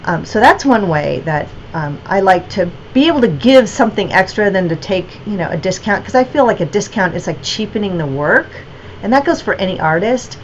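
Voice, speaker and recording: A woman's voice: medium pitch, lively intonation, normal speed, dull audio, slight background noise. Rambling woman chatting on a livestream. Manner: rambling, many fillers and restarts. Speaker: artist and gallery owner. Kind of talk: casual livestream chat.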